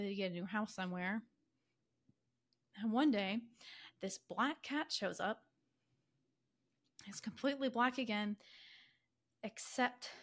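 A woman podcast co-host casually retelling a story, animated and full of fillers, acting out characters' lines in quick quoted voices. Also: medium pitch. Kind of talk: casual chatty story summary.

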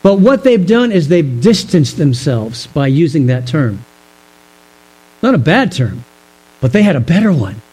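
High-voiced man preaching a Bible study. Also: sing-song, darkish tone, husky, rough recording. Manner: measured, explanatory, with rhetorical questions. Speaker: pastor. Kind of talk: Bible teaching sermon.

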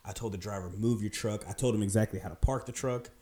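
Low-voiced man telling a lively story. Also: very fast. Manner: animated, emphatic, acts out the people he quotes. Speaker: podcast storyteller. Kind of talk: casual storytelling.

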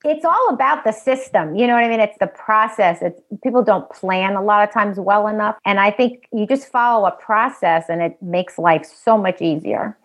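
A woman with a New York accent, a health specialist guest on a casual podcast interview, giving brisk, emphatic advice. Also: medium pitch.

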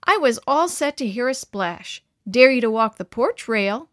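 A woman's voice: on the high side, expressive, unhurried, no echo, clean studio sound. A woman voicing a teasing teenage boy with a lazy, mocking drawl, reading him in a children's story.

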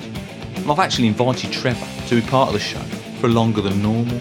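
Man, middle-aged, deadpan, earnest, plodding podcast host, mid-pitched voice. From Birmingham, England. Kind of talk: scripted comic monologue.

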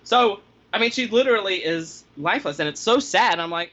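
A man tells a story in a casual chat, his fairly high, bright voice leaping up as he acts out his own panicked reactions. The sound is a little dull and lo-fi. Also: lively intonation, a little fast. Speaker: podcast guest telling pet-sitting stories.

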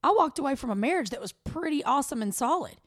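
A woman with a Southern American accent co-hosting a podcast in candid, animated chat. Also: sits high, quick pace, no room sound, clean studio sound. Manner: animated, chatty, with playful quoted voices. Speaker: podcast co-host.

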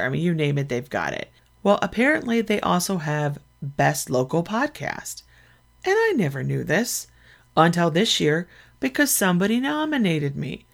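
Chatty woman podcaster with vocal fry. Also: deep voice. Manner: chatty, animated storytelling. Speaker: podcast host. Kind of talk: casual solo podcast chat.

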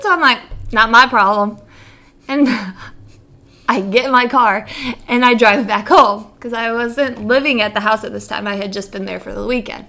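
A young woman from near the Great Lakes, co-hosting a chat show and telling a story animatedly with laughs and acted-out quotes. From Great Lakes region, USA. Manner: animated, laughing, acts out quotes with big jumps in pitch. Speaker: podcast co-host.

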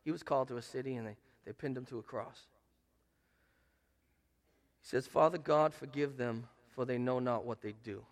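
A man pastor preaching a sermon, swinging between loud emphatic rises and soft hushed lines. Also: mid-range voice, moderate pace, long pauses. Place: church sanctuary.

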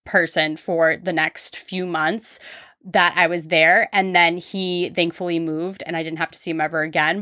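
A woman's voice: lowish voice, pushed and bright, no room sound, studio quality. A young woman hosting a podcast, casually telling candid stories with lots of filler words. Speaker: podcast host. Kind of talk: casual storytelling.

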